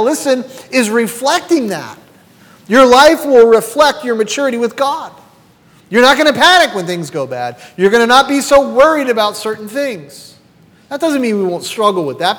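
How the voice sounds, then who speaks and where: A man in his fifties delivers a sermon in a fairly high voice, pressing the congregation with rhetorical questions. His voice rings out with a long reverb, as in a large church hall. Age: 50s. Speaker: pastor.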